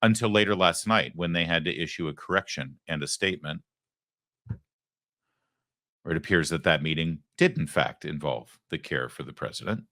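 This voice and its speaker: A man's voice: very deep voice, animated, normal speed, sharp tone, no room sound, studio quality. A man hosting a political commentary show, delivering a sarcastic opinion monologue and acting out quoted voices.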